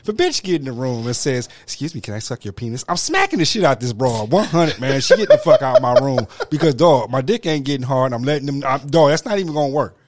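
Animated, incredulous man in a dry studio. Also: mid-range voice, fast, few pauses, no echo. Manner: incredulous, profane reactions, mocking put-on quotes. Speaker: podcast host. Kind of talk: crude casual banter.

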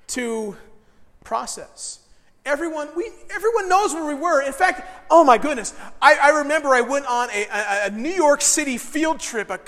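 A male pastor preaching a sermon, telling stories with animated, acted-out quotes. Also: high voice. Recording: long hall reverb.

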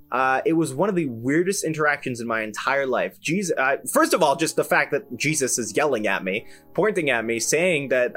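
A young man hosting a podcast, telling a story in an animated, self-amused way with lots of fillers and restarts. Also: mid-range voice. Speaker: podcast host. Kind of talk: casual solo storytelling.

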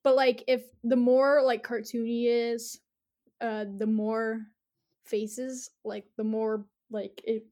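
A young woman chatting casually, retelling a dream in an animated, giggly way with lots of fillers. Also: a little high, takes it slowly.

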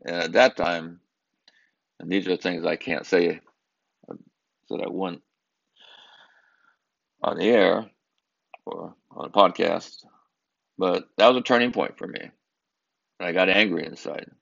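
An older man from Southern California with a very low, gravelly voice tells a personal story. He speaks earnestly and with emphasis, now and then stumbling over repeated words. The recording sounds a little dull and lo-fi. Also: steady tone, a bit bright. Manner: earnest, emphatic, with halting repetitions.

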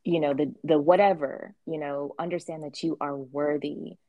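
A woman's voice: sits low, fairly even intonation, normal speed, no room sound, narrow, tinny audio. A woman hosting a podcast in casual chat, talking bluntly and emphatically, with plenty of swearing. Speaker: podcast host.

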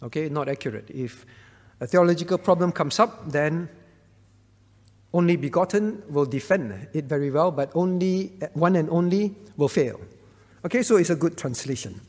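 Guy pastor, highish voice, keeps repeating stuff and asking "all right?", echoey hall. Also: lively intonation, moderate pace, a little mellow. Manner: repeats key phrases, checks in with listeners. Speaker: pastor answering Bible questions. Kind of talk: teaching Q&A talk. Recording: long reverb hall.

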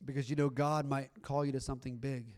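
A man's voice: medium pitch, flat delivery, fast talker, a little mellow. A middle-aged man preaching a sermon in a conversational, earnest way, with bursts of emphasis. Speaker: pastor.

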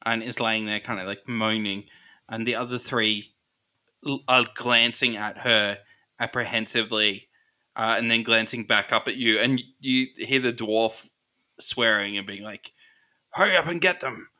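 Male game master, bright forceful tone, unhurried, measured scene-setting. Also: lowish voice, flat delivery. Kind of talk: narrating a tabletop game.

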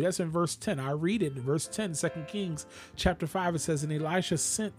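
A man's voice: a little high, moderate pace, faint music behind. A man preaching a radio sermon, talking straight to his listeners and rising to sudden exclamations.

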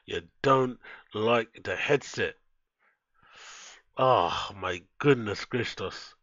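A man's voice: lowish voice, drawn-out words, fairly bright tone, dry recording. A man chatting casually with his live-stream audience, laid-back and swearing freely, into a headset microphone. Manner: laid-back, swears a lot, talks straight to his chat. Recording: dull lo-fi headset mic.

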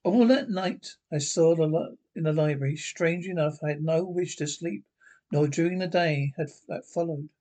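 A man's voice: on the high side, moderate pace, dark tone. A man reading a short story aloud in a dramatic first-person storytelling manner. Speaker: reader.

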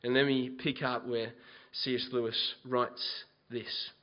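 A man preaching a sermon, moving from quiet scripture reading to loud, impassioned exhortation. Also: mid-range voice, little pitch movement, takes it slowly, lo-fi sound. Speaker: pastor.

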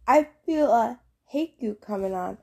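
A woman's voice: fairly high pitch, lively intonation, a little slow, vocal fry, dark tone, breathy edge, exaggerated voice. Woman reading as a cocky young sun god. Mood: cocky, playful. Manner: boastful, cheerful, showy.

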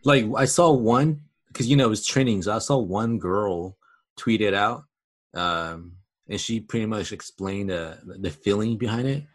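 A man co-hosting a podcast in casual chat, laid-back and quick to agree. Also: fairly low pitch. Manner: laid-back, agrees a lot, many "like" and "you know" fillers. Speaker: podcast co-host.

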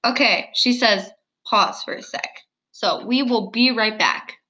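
A girl in her early teens co-hosting a casual video-call chat, giggly, chatty and quick to laugh at herself. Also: fairly high pitch, pushed and bright, rough recording. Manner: giggly, chatty, self-deprecating. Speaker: co-host. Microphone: computer mic on video call.

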